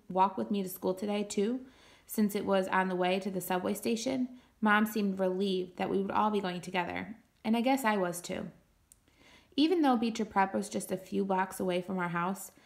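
Teacher lady reading a chapter book out loud, steady and expressive, medium voice. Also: mid-range voice, creaky. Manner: steady, expressive first-person narration. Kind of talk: reading a novel aloud to a class.

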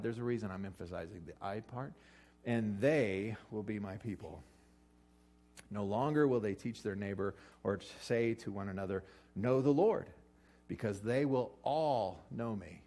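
A man preaching a casual, joking sermon, acting out quotes with sudden jumps in pitch. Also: lively intonation, moderate pace, warm tone. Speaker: pastor. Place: church or hall with an audience eating lunch.

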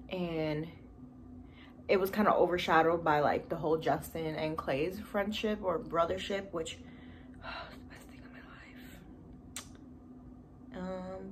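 A woman's voice: fairly low pitch, a little hiss or hum. Emotional, rambling woman reviewing a show. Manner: gushing, emotional, rambling with many fillers and sighs. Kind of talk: casual chat. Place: home room with TV behind camera.

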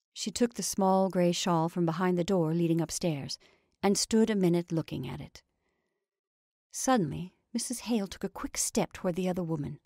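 Female storyteller, low gravelly read-aloud voice, measured and soft. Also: no room sound, studio quality. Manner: measured, soft, drops to whispers. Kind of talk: reading a short story aloud.

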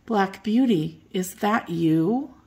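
A woman's voice: medium pitch, animated, slow pace, dark tone. A woman voicing a worn-out, hopeless old chestnut mare who speaks in a faint, weary whisper.

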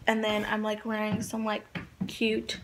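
A woman's voice: medium pitch, monotone, measured pace, noisy background. A young woman vlogging casually into her phone, rambling and hesitant with many fillers, sounding sick and down. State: feeling sick and down. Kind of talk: casual vlog chat.

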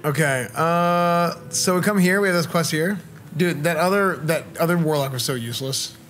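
A man's voice: a little high, normal speed, fairly bright tone, a little hiss or hum. A young man streaming a video game, chatting casually and animatedly, swearing now and then. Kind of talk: casual gaming chat. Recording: game music behind.

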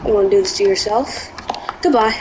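A woman's voice: mid-range voice, a little fast, noisy background. A woman giving live gameplay commentary, jumpy and easily spooked, yelping in panic. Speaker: gaming video creator.

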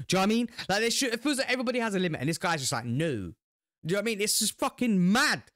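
A man's voice: sits high, very animated, very fast, a bit bright, a little hiss or hum. A British man hosting a reaction video, hyped and full of slang, swearing freely as he talks. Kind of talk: excited casual commentary.

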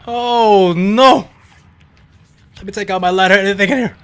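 A man playing a horror game on video, commenting excitedly, yelling and swearing at the scares and talking to his viewers. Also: high voice, moderate pace, smooth. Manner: loud exclamations and swearing, laughs often; addresses viewers as psychos. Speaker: let's play gamer.

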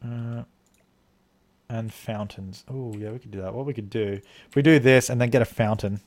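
Medium-pitched, steady, and a little mellow at normal speed, this Australian man livestreams his gameplay. His commentary rambles as he thinks aloud while playing, pausing to thank viewers who donate.

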